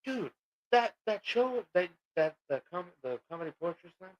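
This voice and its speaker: A man's voice: sits high, sing-song, normal speed, muffled recording. A man chatting casually on a podcast, telling rambling stories full of fillers and swearing. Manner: profane, rambling storytelling with many fillers. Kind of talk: casual chat.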